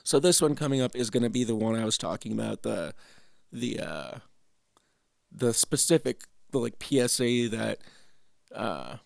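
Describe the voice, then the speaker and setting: A man's voice: medium pitch, animated, moderate pace, gravelly, no room sound, studio quality. A man from Canada hosting, giving casual, rambling, profane reaction commentary with laughing asides at a home desk mic. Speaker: host.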